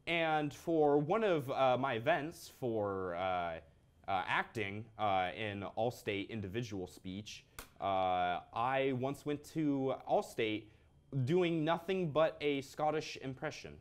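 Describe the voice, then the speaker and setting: A young man co-hosting a casual chat, with dry, deadpan jokes. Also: medium pitch, slow pace, smooth. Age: young adult.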